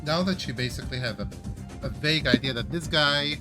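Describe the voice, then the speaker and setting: A man's voice: medium pitch, a little fast, music in the background. A man playing a tabletop game, talking hesitantly with fillers. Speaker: player.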